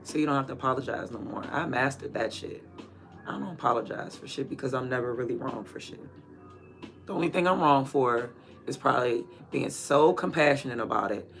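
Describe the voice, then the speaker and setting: A man's voice: mid-range voice, gravelly, fairly bright tone. A man chatting casually and candidly in a rambling, slangy way while watering plants. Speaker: vlogger.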